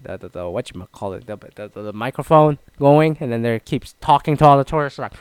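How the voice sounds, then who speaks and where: A man's voice: expressive, a little fast, few pauses, smooth, dry recording. A man from Canada casually telling a rambling story, swearing often and restarting his sentences, with many fillers. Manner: mimics others in higher, louder voices.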